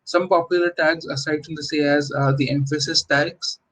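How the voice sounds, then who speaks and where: A man's voice: a little high, fairly even intonation, moderate pace, a bit bright, low-quality recording. A young man presenting a conference tech talk in an informal, explanatory way, with frequent fillers and restarts. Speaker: conference speaker.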